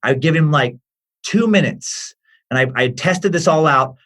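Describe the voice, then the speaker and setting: A man's voice: a little high, measured pace. A middle-aged man, a guest comedian, telling stories in a casual podcast chat and acting out the voices in them. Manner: animated, acts out the voices in his stories.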